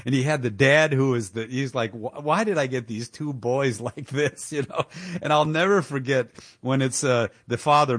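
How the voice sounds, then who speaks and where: A man's voice: mid-range voice, dry recording, clean studio sound. A man hosting a talk radio show, giving indignant, emphatic political commentary with the odd chuckle.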